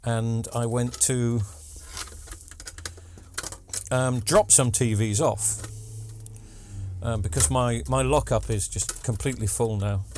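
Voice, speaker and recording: A man's voice: mid-range voice, fairly even intonation, a little slow, darkish tone, slight background noise. A man, rambling casually through a TV repair vlog with joking asides and lots of ums. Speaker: TV repair vlogger. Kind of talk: casual chatty workshop vlog.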